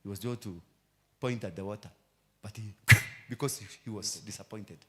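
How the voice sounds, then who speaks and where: Kenyan man preaching, switching loud and low. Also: normal speed, heavy background noise. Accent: Kenyan English. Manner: mixes Swahili into English, repeats phrases, swings from loud to low. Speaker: apostle preaching. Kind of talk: sermon.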